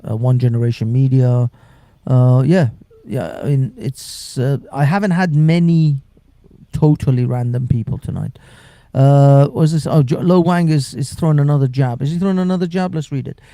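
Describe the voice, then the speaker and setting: A man's voice: medium pitch, moderate pace, mellow, no room sound. A man hosting a late-night live stream, sleep deprived, rambling and laughing often in casual chat.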